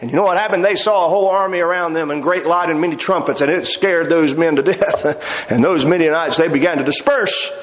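A man's voice: a little high, fairly quick. A man preaching a sermon in a folksy, storytelling way, with hesitant fillers and wry humor, recorded in a church sanctuary. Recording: echoey hall with long reverb.

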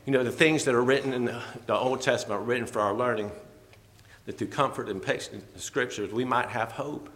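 A man's voice: mid-range voice, brisk, a bit bright, long reverb tail. A man preaching a sermon in a church, fervent, repeating key phrases and chuckling between them.

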